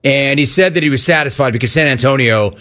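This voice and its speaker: A man hosting sports talk radio, reading listener messages in an animated, quick delivery. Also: medium pitch.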